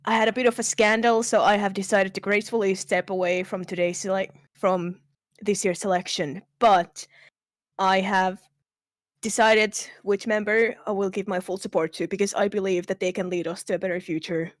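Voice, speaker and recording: A woman voicing an older man, a veteran party member, speaking in a plain, measured way. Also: medium pitch, steady tone, no room sound, studio quality, natural voice. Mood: dignified. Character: older male party veteran stepping aside.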